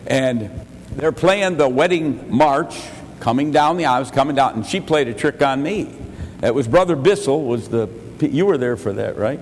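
A man's voice: mid-range voice, expressive, normal speed, long reverb tail, slight background noise. An older man preaching a sermon as pastor, telling folksy family stories and pushing his voice up for emphasis. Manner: folksy storytelling, chuckles, bursts louder for emphasis.

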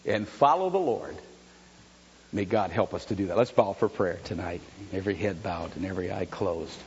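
A man preaching a sermon, moving between quiet storytelling and loud, shouted exhortation. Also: low voice, expressive, brisk, slightly rough. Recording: dull lo-fi sound with long hall reverb.

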